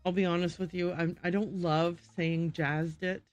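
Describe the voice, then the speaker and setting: A woman's voice: on the low side, level tone, normal speed, a little mellow, no echo, dull audio, faint music behind. A woman game streamer chatting live to her viewers, giggly and self-deprecating. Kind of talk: live gaming commentary.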